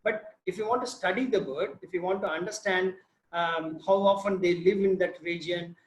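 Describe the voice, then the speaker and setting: A man with an Indian English accent, a field biologist telling his research story in an informal online session, animated and quizzing his listeners. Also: sits high, moderate pace, a little hiss or hum. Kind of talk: informal talk on a video session. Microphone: video call. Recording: roomy echo.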